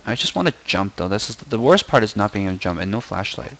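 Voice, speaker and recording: Giddy young man with a gravelly edge. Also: lowish voice, sing-song, quick pace, fairly bright tone, a little hiss or hum, low-quality recording. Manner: playful, giddy, sings and mutters to himself. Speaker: gaming video host. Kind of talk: casual gameplay commentary.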